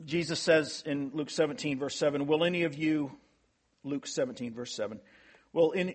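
A man's voice: a little high, slightly rough. A man as pastor, preaching a sermon in an earnest way with emphatic rising peaks.

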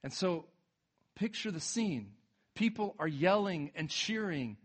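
A male pastor delivers a sermon in a fairly high voice. He tells the scripture in a relaxed, conversational way, pushing up to emphatic peaks and then sinking low and quiet for weight. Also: unhurried. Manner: retells scripture in a casual, conversational way.

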